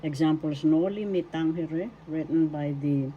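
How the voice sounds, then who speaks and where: A woman's voice: low voice, a little slow, phone-quality sound, a little hiss or hum. A woman teaching a language lesson, breaking words into syllables and repeating them. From Philippines. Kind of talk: slow classroom lesson.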